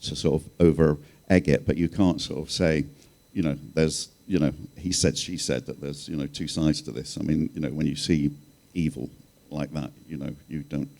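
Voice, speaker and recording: Deep-voiced guy on a panel, wry, rambly, lots of ums and you knows. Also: fairly even intonation, normal speed, gravelly, mellow. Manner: wry, rambling, many fillers. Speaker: journalist and panel speaker. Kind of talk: panel talk, storytelling.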